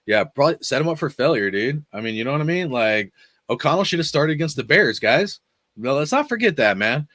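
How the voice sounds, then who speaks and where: A man's voice: mid-range voice, sing-song, brisk, fairly bright tone, no room sound, clean studio sound. A man hosting a fan channel, ranting about football and reading out chat comments in a blunt, cussing, rambling way. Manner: profane, emphatic, rambling.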